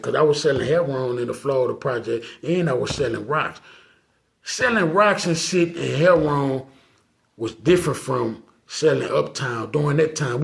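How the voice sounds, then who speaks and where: A man with a New Orleans accent, a podcast guest telling a story in a casual, slangy, animated way and acting out the dialogue. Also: fairly high pitch, creaky.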